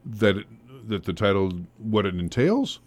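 A deep-voiced man hosts a local radio talk segment from the studio, chatty and joking, steering his guest with quick follow-up questions. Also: very animated, darkish tone. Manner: jokey, chatty, laughs often. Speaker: radio host. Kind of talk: casual radio interview.

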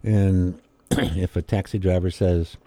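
A man with a low, dark voice chats easily, telling anecdotes and acting out quoted exchanges. The recording is dry and close-miked. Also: steady tone, slow pace, no echo. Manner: chatty storyteller, acts out quoted voices with laughs. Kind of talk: casual conversation.

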